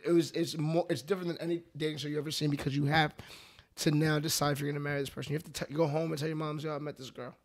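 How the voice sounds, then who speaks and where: A man's voice: on the high side, flat delivery, rapid-fire. A man co-hosting a podcast, casually and agreeably recounting a dating show. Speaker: podcast co-host.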